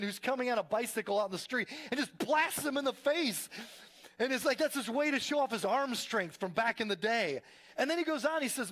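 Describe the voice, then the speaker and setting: A male pastor with a high voice gives a conversational sermon to a live church congregation. He tells stories with energy and often restarts his sentences as he goes. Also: fairly bright tone.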